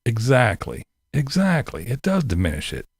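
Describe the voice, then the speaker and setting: A man's voice: medium pitch, huge pitch swings, moderate pace, breathy edge, no room sound, studio quality. Man laughing through casual commentary. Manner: laughs through most sentences, profane, mocking. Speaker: livestream host answering chat.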